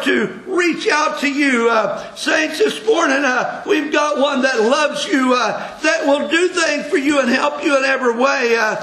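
Fervent high-voiced preacher, shouting, roomy church. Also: male voice. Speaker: pastor. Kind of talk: sermon.

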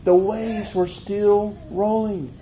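A man preaching a folksy, animated sermon, chuckling as he tells stories. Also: takes it slowly. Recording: muffled, low-fi with faint noise.

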